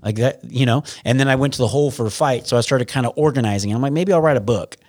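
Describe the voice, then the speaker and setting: A man in his forties talks through his story as an interview guest, rambling and restarting his sentences, with the odd curse word. His voice sits at an ordinary pitch, and the sound is dry and close with no room around it. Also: fast, a little mellow, no echo. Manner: rambling, with frequent restarts and profanity. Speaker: podcast guest. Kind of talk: casual conversational interview.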